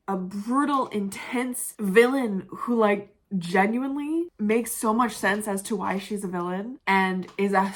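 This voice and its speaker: Brief: young woman book vlogger, chatty and emotional, quick to laugh, curses casually. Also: medium pitch. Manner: emotional, swears freely, laughs often. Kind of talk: casual vlog chat.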